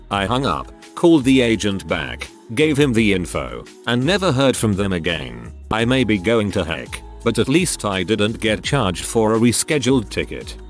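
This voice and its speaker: A man reading online posts aloud as a story narrator, with a lively, expressive delivery and the odd slip and self-correction. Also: lowish voice.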